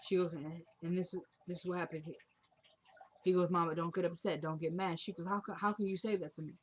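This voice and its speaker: A woman's voice: on the low side, fairly even intonation, quick pace, husky. A woman casually retelling a TV episode scene by scene, quoting each character's lines in her own voice. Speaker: TV show recapper.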